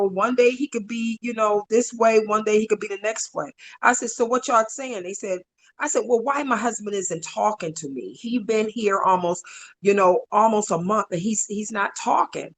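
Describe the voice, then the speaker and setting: A middle-aged woman, wife and caregiver of a stroke survivor, telling her story in an interview with animated, emotional delivery. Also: moderate pace. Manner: animated, voice jumps high when reliving moments.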